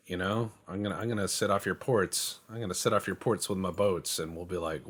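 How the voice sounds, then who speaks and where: A man with a deep, husky voice riffs casually over his gameplay. He rambles from thought to thought, tossing in profane jokes and goofy boasts in a loose, unscripted way. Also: normal speed, fairly bright tone. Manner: rambling, joking, profane banter. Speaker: game streamer.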